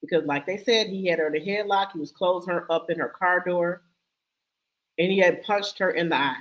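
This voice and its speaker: A woman's voice: on the low side, a little fast, highs cut off. A woman co-hosting a casual gossip livestream, blunt and outspoken, swearing freely. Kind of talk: casual chat.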